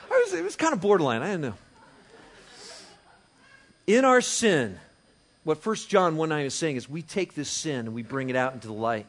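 Animated high-voiced male pastor. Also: normal speed, pauses often. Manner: animated, shifts from hushed to loud and emphatic; conversational with frequent restarts and chuckles. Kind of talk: sermon.

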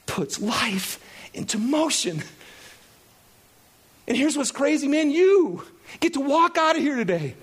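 High, husky-voiced male preacher. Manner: animated, laughing, acts out quoted characters. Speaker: pastor. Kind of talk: sermon.

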